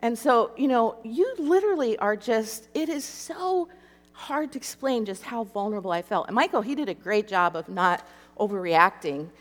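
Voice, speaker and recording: A woman's voice: on the high side, animated, moderate pace. A woman telling an emotional personal story to an audience and acting out the voices in it. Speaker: speaker sharing a personal story. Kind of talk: animated personal testimony to an audience. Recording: echoey hall reverb.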